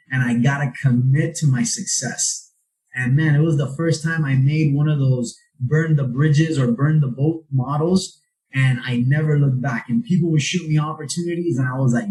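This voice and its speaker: A man guest on a casual podcast interview, telling stories animatedly and acting out quoted lines. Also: low-quality recording. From South Florida. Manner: animated storytelling, acts out quotes with raised pitch. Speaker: real estate investor guest.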